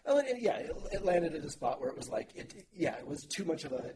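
A man as a podcast guest, telling stories about his past work in a relaxed, chatty way, often restarting his sentences. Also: on the high side, fast, background noise. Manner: relaxed storytelling, frequent restarts, easy laughter. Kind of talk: casual interview chat.

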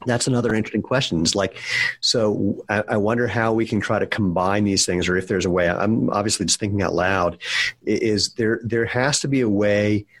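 Podcast host, male, low husky voice, rambling storyteller, dry close mic. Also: a little fast, dry recording. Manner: rambling, animated storyteller with restarts. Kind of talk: casual conversation, storytelling.

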